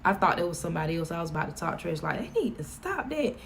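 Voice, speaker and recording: Woman, Southern US accent, casual live-stream chat, joking, some vocal fry. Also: on the low side, very animated, fast talker, a little hiss or hum. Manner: chatty, folksy and joking.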